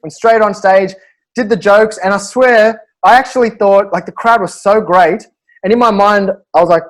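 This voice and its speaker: An Australian man, a guest comedian, telling animated anecdotes in a podcast interview and chuckling through his own stories. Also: sits high, moderate pace, poor audio.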